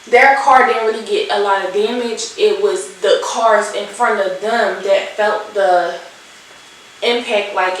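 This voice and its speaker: Young Philly woman vlogger, animated and salty, a bit high, echoey room, set back from the mic. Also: far from the mic, a little hiss or hum. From Philadelphia. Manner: animated, swearing, acts out the people in her story. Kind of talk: storytime vlog while doing makeup.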